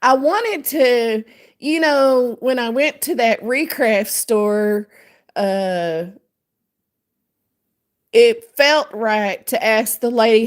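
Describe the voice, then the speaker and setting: A woman's voice: on the high side, animated, slow. A woman hosting her crochet channel, chatting casually and rambling with many fillers while she reads pattern text aloud.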